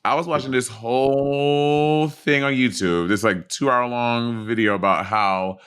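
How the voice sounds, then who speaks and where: A man's voice: medium pitch, a little slow, fairly bright tone, smooth. A man co-hosting a casual podcast in a mid-range voice. He explains things earnestly and at length, with some rambling. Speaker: podcast co-host. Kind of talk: casual chat.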